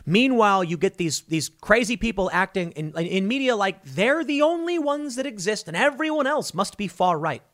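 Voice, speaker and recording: A man's voice: high-pitched, big pitch swings, moderate pace, few pauses, a bit bright. A man delivering an online political commentary monologue in a blunt, sarcastic, scornful way.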